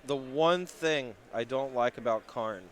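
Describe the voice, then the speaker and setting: A man's voice: medium pitch, a little slow. A man from the Southern United States giving color commentary on a card game match, laid-back and joking, with plenty of asides.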